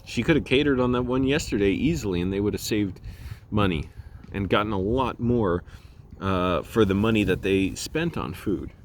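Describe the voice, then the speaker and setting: A man's voice: on the low side, normal speed, slight background noise. A man vlogging outdoors while he walks, rambling in a chatty way and laughing at himself. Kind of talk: casual vlog monologue. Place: outdoors walking around a complex.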